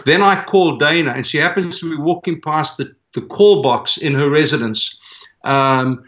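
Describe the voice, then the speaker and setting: A man's voice: fairly high pitch, normal speed. A man, a pastor, telling personal stories in an interview, earnestly acting out the dialogue. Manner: earnest, animated storyteller who acts out quoted dialogue. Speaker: pastor and church leader. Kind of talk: conversational storytelling in an interview. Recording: dull, lo-fi sound.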